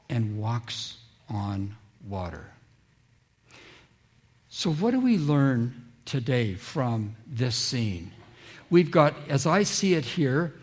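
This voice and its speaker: A man with a somewhat high-pitched voice preaching a sermon. He tells stories with plenty of questions to the congregation and slips into quoted voices as he goes. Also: breathy edge. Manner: storytelling, acting out quoted voices, drawing listeners in with questions. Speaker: pastor.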